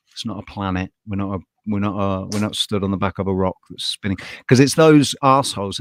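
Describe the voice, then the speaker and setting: A man's voice: fairly low pitch, dry recording. A man co-hosting a casual live podcast chat, ranting bluntly with frequent swearing, laughing often and restarting his sentences. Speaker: podcast co-host.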